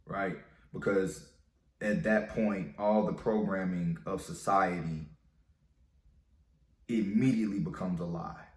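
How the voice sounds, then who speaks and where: A man's voice: sits low, steady tone, slow, long pauses, darkish tone. A man telling a breakup story and giving dating advice in a casual, slangy, profane way. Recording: roomy echo.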